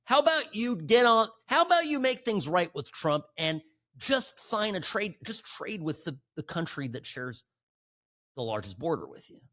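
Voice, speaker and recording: A shrill, sing-song voice pleads, as a man puts it on in mockery. The pitch leaps high and swings widely, loud and theatrical. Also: big pitch swings, normal speed, full character voice. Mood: mocking. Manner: exaggerated mocking high voice.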